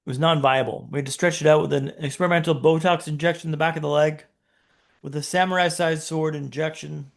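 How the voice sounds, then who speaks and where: High gravelly man telling a story. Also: fairly even intonation, fast talker. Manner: vivid storyteller, punchy short phrases, rhetorical questions. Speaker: podcast guest. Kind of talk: dramatic personal storytelling.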